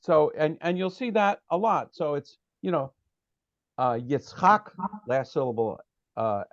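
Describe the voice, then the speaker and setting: A man's voice: fairly high pitch, expressive, a little slow, no room sound, lo-fi sound. A man teaching a prayer study class over a video call, patiently explaining Hebrew text and checking that his students follow.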